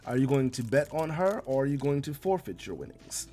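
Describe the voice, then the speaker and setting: A man's voice: mid-range voice, very animated, brisk, dark tone. A man narrating a tabletop game as game master, casual and laughing, with many fillers.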